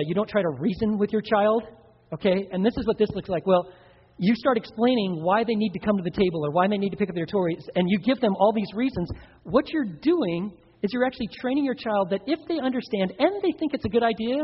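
Male pastor, high and slightly husky, animated sermon delivery, dull echoey hall recording. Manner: animated, acts out kids and parents in playful voices. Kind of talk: sermon on parenting. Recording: dull sound with long hall reverb.

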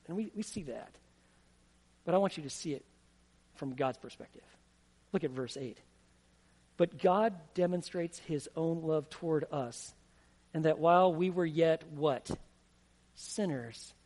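Emphatic high-voiced male pastor preaching. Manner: emphatic, asks the congregation questions. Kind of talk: sermon. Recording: long hall reverb.

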